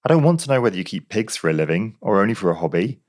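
A man voicing a gruff, blustering male policeman who growls and lectures in a pompous, bossy way. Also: fairly low pitch, very animated, very fast, a little mellow.

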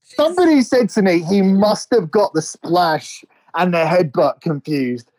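A man's voice: high-pitched, lively intonation, unhurried, a little mellow, low-quality recording. A man co-hosting a podcast in casual chat, rambling and restarting his sentences in a start-stop way. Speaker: podcast co-host.

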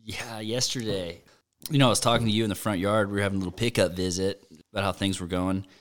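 Low-voiced man telling a story. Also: fast. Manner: relaxed storytelling, mimics voices. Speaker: podcast co-host. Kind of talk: casual chat.

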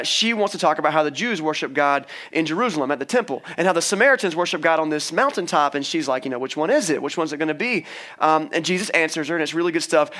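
A man's voice: fairly high pitch, a bit bright. A young man preaching a casual sermon, retelling a scripture story in a conversational way and acting out the characters' lines. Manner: conversational, acts out the characters' lines with playful voices. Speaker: pastor.

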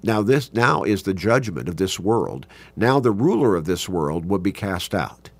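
A man teaching a Bible class, reading scripture aloud and explaining it slowly, stretching key words for emphasis. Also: low-pitched, very animated, slightly rough, dry recording.

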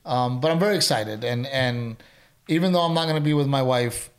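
A man in his thirties co-hosting a casual chat, telling animated stories and dropping dude and bro. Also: mid-range voice, a little fast. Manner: animated storyteller, mocking impressions, says dude and bro. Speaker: podcast co-host.

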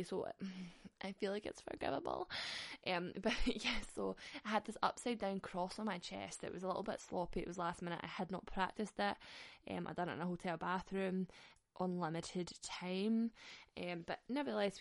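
A woman's voice: mid-range voice, vocal fry, no room sound, studio quality. A young woman hosting a podcast, telling stories in a sweary, chatty way and laughing often. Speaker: podcast host. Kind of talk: casual storytelling chat.

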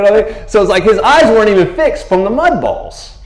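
High-pitched and fairly quick, with lively intonation, a man preaches a casual sermon that wanders. He chats, keeps checking in with "you know what I mean," and the recording has a roomy echo.

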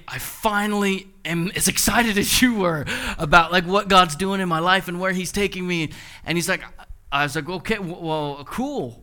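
Young pastor guy preaching, kinda high bright voice, acts out the quotes. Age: 20s. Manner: animated storytelling with quoted dialogue. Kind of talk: sermon.

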